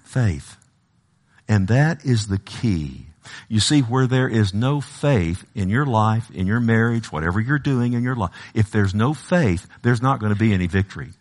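A man's voice: expressive, normal speed, a little mellow. A man preaching a sermon, repeating his words and calling out to the congregation, at times rising to a pleading cry. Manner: preaching, rising to impassioned high-pitched pleading. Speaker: pastor.

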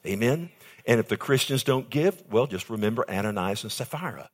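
An older man preaching a sermon as pastor, calling out to his congregation and stretching key phrases slowly for emphasis. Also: expressive, darkish tone. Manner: emphatic preaching with sudden high pitch jumps and slowed key phrases; calls out to congregation with "amen" and "loved one".

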